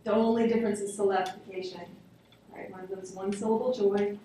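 A fast-talking woman with a warm, medium-pitched voice and fairly even intonation teaches linguistics, explaining concepts and answering students. She repeats examples aloud, and the recording of the echoey classroom was made from a distance, with slight background noise.

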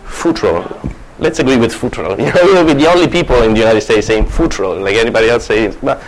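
A man's voice: medium pitch, fast talker, rough recording. A man with an Italian accent giving a university classics lecture, rambling with many restarts, self-corrections and small laughs.

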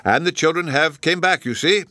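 A man doing a fussy, excitable old professor. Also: on the high side, moderate pace, no echo, studio quality, pitched above the performer's own voice. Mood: fussy, cheerful.

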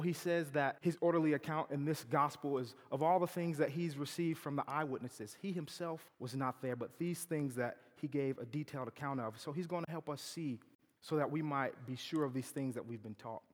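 Campus preacher, a man, sermon delivery, loud emphatic quotes against soft asides, hall reverb. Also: on the high side. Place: campus chapel.

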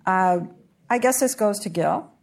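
Husky-voiced woman moderating a panel. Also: mid-range voice, measured pace. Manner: light, laughing question delivery. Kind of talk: moderating a panel, reading audience questions.

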